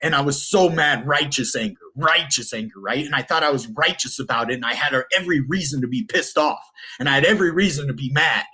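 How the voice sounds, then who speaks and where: A man's voice: fairly high pitch, fast talker, bright, forceful tone, breathy edge. Earnest rambling middle-aged man. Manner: rambling, restarts and self-corrections; earnest and emotional. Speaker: vlogger telling his life story. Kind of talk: casual personal storytelling.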